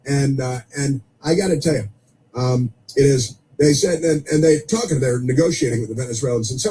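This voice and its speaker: Male talk radio host, sarcastic monologue, mellow tone, faint background noise. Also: mid-range voice, a little fast, rough recording. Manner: sarcastic, scornful asides and mocking quoted voices.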